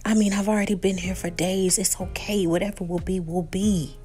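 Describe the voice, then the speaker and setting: A woman voicing a gentle man who comforts his sick wife in a hushed, low voice. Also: steady tone, a little fast, soft background music, lightly acted. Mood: comforting.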